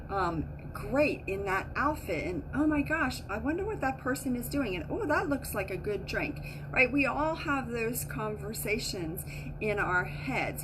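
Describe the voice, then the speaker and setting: A woman giving a casual teaching talk as a spiritual teacher, animated and acting out the inner voices she quotes. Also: fairly high pitch, background noise.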